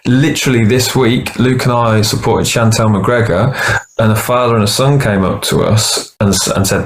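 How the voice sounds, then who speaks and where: A man's voice: fairly low pitch, normal speed, rough recording. A man, a band's singer and songwriter, talking earnestly in a casual interview and restarting his sentences often. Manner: earnest, rambling with many restarts.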